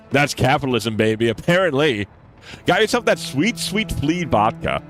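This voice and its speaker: A man streaming a video game with excitable, playful commentary, swearing casually as he plays. His pitch leaps all over the place. Faint music runs behind his voice. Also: normal speed.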